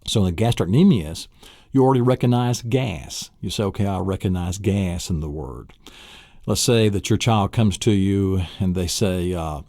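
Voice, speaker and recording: A man with a deep, mellow voice leads a spelling lesson, spelling words out letter by letter and breaking them into syllables. He often asks rhetorical questions as he goes. The sound is close and dry. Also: moderate pace, no echo. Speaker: spelling instructor.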